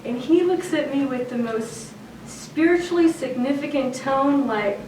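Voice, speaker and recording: A woman's voice: sits high, unhurried, slight background noise. A woman from Chicago's South Side telling a personal story on stage, chatty and often laughing. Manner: lively, conversational, laughing at her own story. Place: storytelling event. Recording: roomy live venue, mic at a distance.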